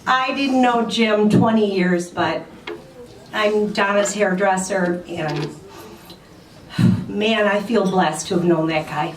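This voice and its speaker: A woman's voice: mid-range voice, far from the mic. A woman, the family's hairdresser, sharing heartfelt memories at a memorial. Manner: unhurried and heartfelt. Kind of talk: memorial speech. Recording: roomy hall, mic from afar, faint noise.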